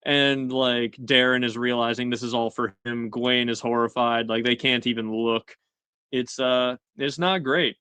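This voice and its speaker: A man casually recapping a TV episode for his show, chatty with lots of fillers and quick paraphrased quotes. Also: medium pitch, flat delivery, pushed and bright, clear, resonant tone, no room sound. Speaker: show host.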